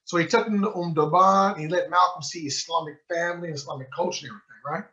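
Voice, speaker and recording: On a muffled lo-fi recording, a fast-talking man with a fairly high pitch delivers a storytelling lecture at a book club as a sheikh. He's an energetic narrator who performs the dialogue he quotes.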